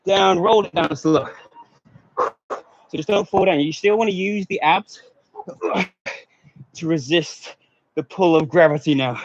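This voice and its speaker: A man's voice: fairly high pitch, unhurried, pauses often, a little hiss or hum. A man coaching a live workout, out of breath, counting down seconds and urging people on between short laughs. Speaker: fitness coach. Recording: dull lo-fi stream audio.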